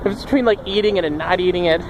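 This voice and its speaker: A man's voice: sits high, very fast, slight background noise, poor audio. A man putting on the voice of a lazy young man who only likes sitting still, stammering and noncommittal. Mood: lazy, hesitant.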